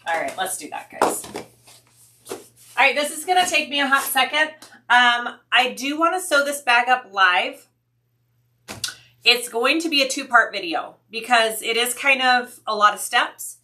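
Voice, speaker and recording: A woman's voice: on the high side, lively intonation, a little slow, long pauses, sharp tone. A woman hosting a sewing livestream, chatting casually with viewers, thinking aloud and answering their comments.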